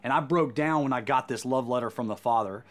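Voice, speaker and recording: A man's voice: medium pitch, brisk. A man delivering a sermon as a Christian speaker, earnest and emphatic, often repeating words as he goes.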